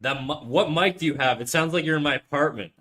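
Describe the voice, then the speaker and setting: A man's voice: a little high, fast, a bit bright. A young man live-streaming from his apartment into a desk condenser mic, chatting casually and swearing as he reads his chat while he draws. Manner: laid-back, swears a lot, reads chat aloud. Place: his apartment, untreated room. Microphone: USB condenser desk mic.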